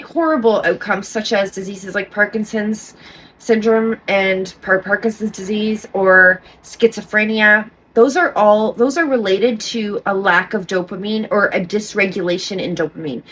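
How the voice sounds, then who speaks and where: A woman's voice: medium pitch, fairly even intonation, normal speed, fairly bright tone. A middle-aged woman talking casually to camera as a vlogger, rambling with restarts and often checking in with "okay?".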